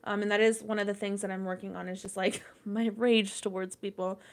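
A woman's voice: medium pitch, level tone, a little fast. A young adult woman hosting a podcast, talking casually, swearing a lot, rambling with plenty of fillers. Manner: profane, rambling, lots of fillers. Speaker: podcast host. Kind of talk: casual chat.

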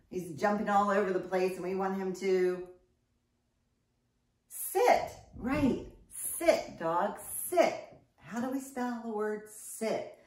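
A kindergarten teacher gives an online phonics lesson, sounding out letters slowly with bright, exaggerated emphasis. Her voice is mid-range, and she is a bit off-mic in an echoey room, so the microphone sounds distant.

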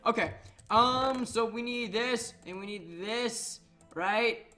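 Young man, excitable gaming commentary, rambling with lots of fillers, bright forceful tone. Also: extremely high pitch, takes it slowly, faint music behind. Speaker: gaming YouTuber. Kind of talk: casual Minecraft let's play commentary.

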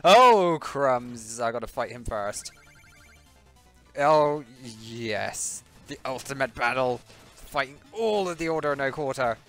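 Male let's-play host, excitable and yelpy, slow-talking between outbursts, faint game music behind. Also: mid-range voice. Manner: excitable, yelps and panicked exclamations. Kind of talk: gaming commentary.

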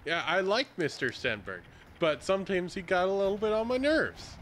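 A man's voice: high-pitched, expressive, moderate pace, fairly bright tone, a little hiss or hum. A young adult man chatting casually over a video game, rambling and laughing often. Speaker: gaming co-host. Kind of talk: casual chat over gameplay.

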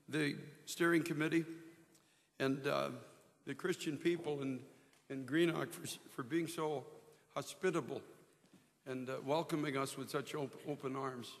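Middle-aged pastor preaching in a reverberant hall. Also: male voice, a little high, steady tone, unhurried. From United States. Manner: earnest preaching with frequent restarts and prayerful exclamations. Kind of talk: sermon at an evangelistic rally. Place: large hall.

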